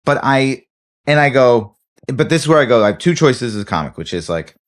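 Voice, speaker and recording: A man's voice: medium pitch, fairly quick. A man, a comedian co-hosting a podcast, telling a story in casual chat and acting out the people in it. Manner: animated storytelling, acts out voices.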